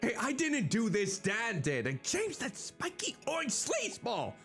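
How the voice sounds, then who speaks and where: A man's voice: very high-pitched, huge pitch swings, measured pace, vocal fry, fairly bright tone, faint music behind, pitched above the performer's own voice, heavily acted. A man voicing a frustrated, loyal store employee who complains in rising tones. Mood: exasperated.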